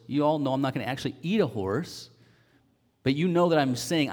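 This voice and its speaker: A man delivers a sermon in an earnest, explanatory manner, stressing key words with animated emphasis. His voice sits a little high for a man. The sound carries the long reverb of a church hall. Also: brisk. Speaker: pastor.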